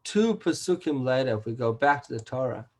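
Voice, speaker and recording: Earnest rabbi teaching a class. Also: male voice, medium pitch, sing-song, a little fast, low-quality recording. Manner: earnest, emphatic, with Hebrew terms. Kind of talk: Torah class lecture.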